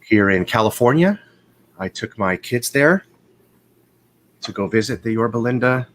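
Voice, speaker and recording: A man hosting a casual live chat show from home in California, telling stories in a rambling, profane, animated way over a video call. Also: on the low side, measured pace. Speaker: host of a live watch show.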